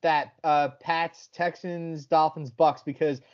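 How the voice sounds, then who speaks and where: A man's voice: a little high, steady tone, slow pace, lo-fi sound. A man hosting a sports betting podcast in casual, brash chat, swearing freely as he talks picks.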